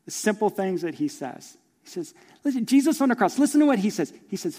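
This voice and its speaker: A man's voice: high voice, wildly swooping pitch, fairly quick. Man preaching in a reverberant hall. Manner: storytelling, acts out voices, swings from hushed to loud. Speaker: pastor. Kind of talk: sermon. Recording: long reverb of a large hall.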